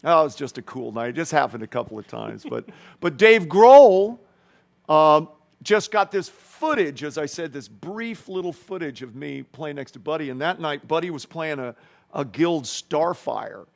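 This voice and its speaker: A man's voice: fairly high pitch, animated, moderate pace, gravelly, a bit bright. A man, a guest guitarist, rambling through anecdotes in a casual interview and acting out voices and guitar sounds.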